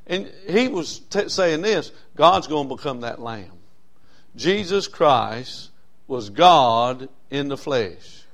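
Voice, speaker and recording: Folksy preacher man, higher voice. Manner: dynamic preaching, swings between loud emphasis and soft drawn-out phrases; folksy, with frequent uh fillers. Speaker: pastor. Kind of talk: sermon.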